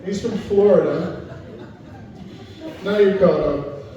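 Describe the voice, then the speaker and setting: A man's voice: sits high, takes it slowly. A middle-aged man doing stand-up comedy at a live venue, chatting with the crowd in a self-deprecating way. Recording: echoey room, distant muffled mic.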